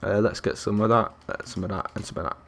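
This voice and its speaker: A young man with a low, creaky voice talks fast during his live gameplay commentary. He counts out loud while responding to viewers and other players.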